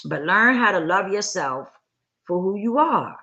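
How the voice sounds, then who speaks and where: A woman's voice: medium pitch, animated, measured pace, bright, forceful tone, muffled recording. A woman hosting a live talk, giving an earnest motivational talk to her audience. She repeats her points for emphasis and keeps checking in with her listeners. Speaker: livestream host.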